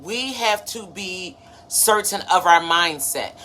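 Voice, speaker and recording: A woman's voice: on the low side, takes it slowly, bright, forceful tone. A woman in her thirties hosting a motivational live stream, preachy and conversational, greeting viewers by name. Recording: faint background noise.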